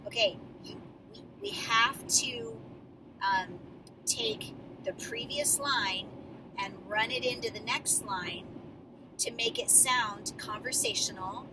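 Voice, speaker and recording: A woman giving a drama coach's feedback to her student actors, patient and explanatory, often pausing on fillers as she works through a script. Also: medium pitch, distant mic, noisy background. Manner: encouraging, explanatory, with many fillers.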